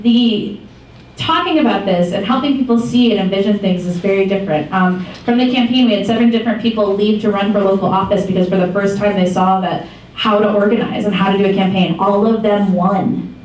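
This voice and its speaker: A woman in her twenties from Michigan, giving a casual talk to a group as founder of a campaign, telling stories in a chatty, animated way with many ums and small laughs. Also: medium pitch. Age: 20s. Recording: echoey far-off room mic with faint noise.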